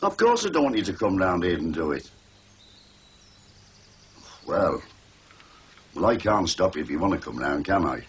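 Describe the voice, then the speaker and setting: A cantankerous old man who grumbles and mutters his way through household chores. His voice is deeply husky, and it leaps wildly in pitch whenever his exasperation boils over. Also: very animated, moderate pace, long pauses, exaggerated voice. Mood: grudging. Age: older. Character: grumpy old man fighting a washing machine. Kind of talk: 1980s TV soap acting.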